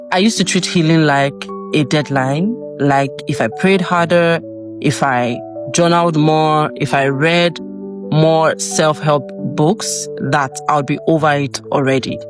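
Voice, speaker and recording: Woman, very low voice, calm reflective voice-over, music playing clearly behind. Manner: calm, measured and earnest.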